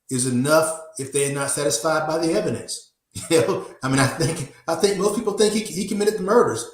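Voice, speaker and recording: A man, a defense attorney guest on a podcast, giving measured legal analysis and often repeating words as he thinks. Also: a little high, reverberant.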